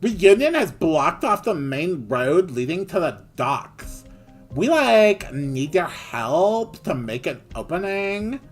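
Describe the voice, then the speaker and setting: A man's voice: on the high side, very animated, slow, voice pushed up, heavily acted. A man voicing a bossy young female police commander with an exaggerated valley girl drawl, over faint music. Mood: commanding.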